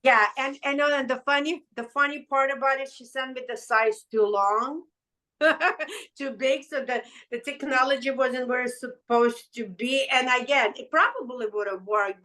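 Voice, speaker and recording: Middle-aged woman, fairly high voice, emotional, rambling testimonial chat. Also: pushed and bright, poor audio. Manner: emotional, rambling, restarts often. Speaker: patch seller sharing her testimonial. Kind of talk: casual conversational testimony.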